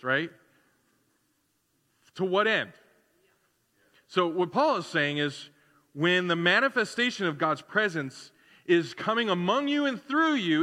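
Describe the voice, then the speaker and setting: A man's voice: sits high, pushed and bright. A man preaching a sermon to his church in a loose, conversational way, full of fillers and acted-out asides. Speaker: pastor. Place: church sanctuary. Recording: long church hall reverb.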